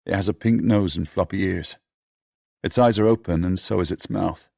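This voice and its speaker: A male audiobook narrator with a low, gravelly voice tells the story in a steady, measured way. It's studio quality, with no echo.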